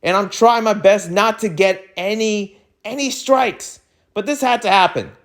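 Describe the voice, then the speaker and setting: A young man hosting his own channel, ranting in an exasperated, animated way that swings between loud outbursts and low muttering. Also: unhurried. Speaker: webtoon reading channel host. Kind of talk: ranting to camera.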